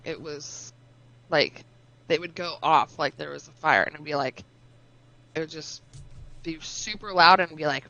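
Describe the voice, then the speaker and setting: A woman telling animated stories in casual chat with friends, swearing and laughing as she goes. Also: lowish voice, normal speed, dry recording, highs cut off. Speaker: storyteller among friends.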